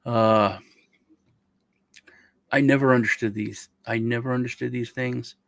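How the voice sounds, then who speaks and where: A man's voice: medium pitch, fairly even intonation, unhurried, vocal fry, a bit bright, no echo. A middle-aged man hosting a casual meme review, rambling and joking as he tells stories. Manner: rambling, joking, self-interrupting. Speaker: host.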